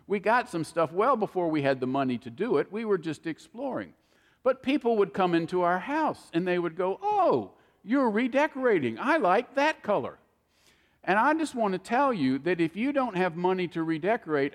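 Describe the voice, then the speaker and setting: Older preacher in a reverberant hall. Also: male voice, a little high. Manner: folksy storytelling, acts out quoted people. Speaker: pastor. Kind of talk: sermon.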